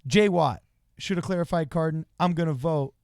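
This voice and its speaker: A man hosting a livestream in a casual, joking way, reading out viewer messages and reacting loudly to them. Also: fairly high pitch, normal speed, smooth, no room sound, studio quality. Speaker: livestream host.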